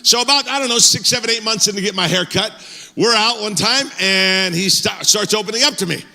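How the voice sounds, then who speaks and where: A male pastor telling a story in a sermon, lively and self-mocking, with a joking way of talking. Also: high voice, fairly quick, creaky, long reverb tail. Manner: animated, self-mocking humor. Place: church auditorium.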